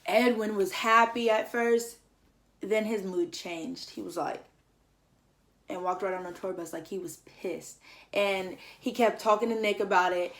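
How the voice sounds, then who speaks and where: A woman's voice: mid-range voice, measured pace. Chatty young woman telling a story. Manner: chatty, lots of "like", slangy; animated, acts out others' lines. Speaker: vlogger. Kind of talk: casual storytelling.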